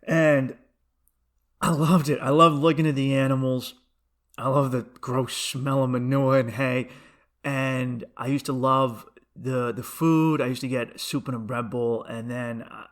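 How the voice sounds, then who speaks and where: Bright-voiced rambling male comedian. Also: medium pitch, fairly even intonation, normal speed. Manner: rambling storytelling, self-interrupting with restarts and asides. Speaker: comedian podcast host. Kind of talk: casual comedic monologue.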